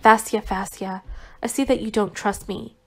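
A woman's voice: medium pitch, fairly even intonation, normal speed, a bit bright, faint music behind, natural voice. A woman reading as a weary, tender young man. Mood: tender, reproachful. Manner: tender, reproachful. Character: gentle weary young man, recovering invalid. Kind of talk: audiobook dialogue reading.

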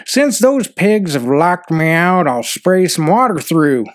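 Man voicing a storybook farmer, loud, exclaiming, lively pitch, slow and drawn out. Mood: exasperated. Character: frustrated stubborn farmer, grown man.

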